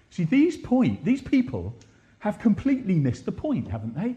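A man preaching a sermon to a congregation, animated, with rhetorical repetition and frequent questions to his listeners. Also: sits high, moderate pace, dull audio. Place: church.

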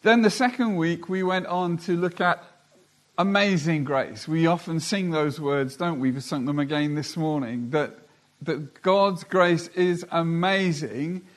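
A man preaching a sermon, who talks slowly and deliberately and reads scripture aloud. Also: on the high side.

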